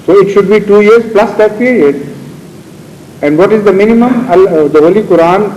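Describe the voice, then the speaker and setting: Mellow-voiced man explaining scripture in a reverberant hall. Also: sits high, lo-fi sound. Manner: measured, explanatory, with pauses and fillers. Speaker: religious scholar answering questions. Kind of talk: question-and-answer session explaining scripture. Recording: archival 1986 hall recording with long reverb and faint noise.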